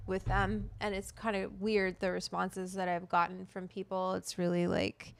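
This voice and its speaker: A woman's voice: mid-range voice, completely flat delivery, measured pace, gravelly, few pauses, a little hiss or hum. A middle-aged woman hosting a casual livestream, talking bluntly and with a lot of profanity as she gets fired up. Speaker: cooking show host.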